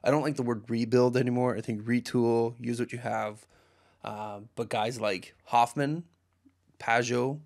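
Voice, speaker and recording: A man's voice: mid-range voice, fairly even intonation, measured pace, a little mellow. A man co-hosting a casual hockey podcast, easygoing and agreeable. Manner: easygoing, agreeable, trails off mid-thought. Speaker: podcast co-host.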